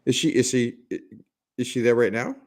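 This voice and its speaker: A man's voice: mid-range voice, fairly quick, darkish tone. A man hosting a casual livestream chat, joking and laughing as he rambles with restarts. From Germany. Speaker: livestream host.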